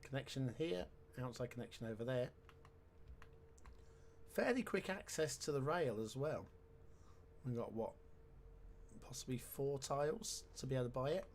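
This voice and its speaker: A man's voice: mid-range voice, expressive, moderate pace, long pauses, a little hiss or hum. A man giving casual let's-play commentary, chatty and wry with sarcastic asides. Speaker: game commentator.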